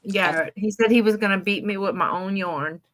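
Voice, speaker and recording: A woman's voice: mid-range voice, normal speed. A woman co-hosting a casual live-stream chat with a friend, easygoing and chatty, sometimes turning to talk to someone off-camera. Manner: chatty and easygoing, talks to people off-camera between remarks. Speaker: co-host.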